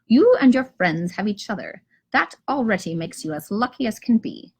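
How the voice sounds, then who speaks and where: A woman's voice: medium pitch, sing-song, normal speed, slightly rough. A kindergarten teacher voicing a sly, playful male leprechaun in a picture book read-aloud, with teasing, sing-song rhymes.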